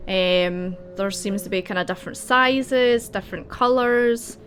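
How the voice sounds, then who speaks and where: A woman's voice: mid-range voice, unhurried, a bit bright, slight background noise. A woman narrating as game master in a casual, giggly way, searching for words with many ums. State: hiccups.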